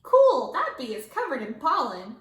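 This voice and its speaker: A woman voicing an excited young schoolchild who yelps in alarm in a storybook read-aloud. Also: high-pitched, moderate pace, roomy sound, exaggerated voice.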